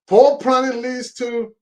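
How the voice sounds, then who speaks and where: A man hosting a casual live stream, reading chat messages aloud, laughing and mockingly acting out pleading voices. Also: extremely high pitch. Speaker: host of a fan channel reading live chat.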